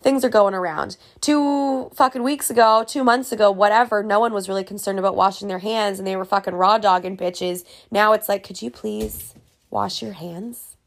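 A woman's voice: medium pitch, fairly even intonation, a little fast, few pauses. A young woman casually ranting to camera in a vlog, profane and exasperated. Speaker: vlogger.

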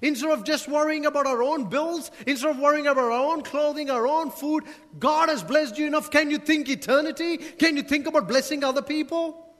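A pastor's very high, slightly bright voice moves a little fast as he preaches in a church hall. He poses rhetorical questions to the congregation and jokes with them, and the room adds a long reverb.

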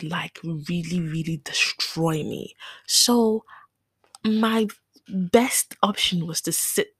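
A woman's voice: deep voice, breathy edge, no echo. A woman in her twenties hosting a podcast, talking candidly and emotionally about a hard year, with frequent restarts. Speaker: podcast host. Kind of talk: reflective personal talk.

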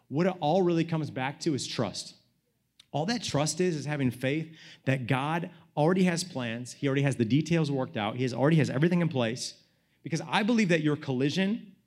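A young man preaching a sermon, telling a personal story in a casual, animated way that swings from loud to hushed, with lots of "like" and "you know". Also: fairly high pitch. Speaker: pastor.

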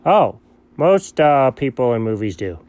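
A man's voice: mid-range voice, very animated, darkish tone, dry recording, muffled recording. A man playing a curious, nerdy young male sidekick who keeps asking questions in comedy banter. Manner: inquisitive, quick follow-up questions. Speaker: co-host.

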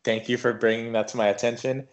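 A young man in casual podcast banter, relaxed and wry as he riffs on a story. His pitch sits in the middle and he speaks at an everyday pace. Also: fast talker. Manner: laid-back, joking banter. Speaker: podcast co-host. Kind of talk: casual chat.

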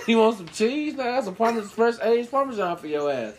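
A young man cohosting a casual comedic chat, ranting loudly with lots of profanity and laughter. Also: extremely high pitch, very animated, fast, a little hiss or hum. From United States. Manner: loud, profane, laughing rants. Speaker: podcast co-host.

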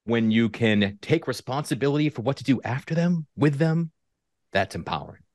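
A man hosting an interview, speaking reflectively and haltingly, with frequent restarts. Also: medium pitch, lively intonation, a little mellow, dry recording. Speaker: host. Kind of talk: candid interview conversation.

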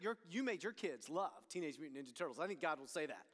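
Bright-voiced preacher in a hall. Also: male voice, a little high, fast, hardly any pauses. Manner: animated storytelling, swings between loud and hushed. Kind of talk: sermon. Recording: long hall reverb.

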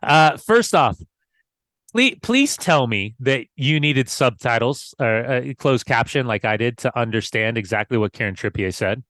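Brief: male podcast co-host, mid pitch, easygoing and animated, dry close mic. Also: unhurried, no echo. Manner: easygoing, agreeable, animated when riffing. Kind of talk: casual football chat.

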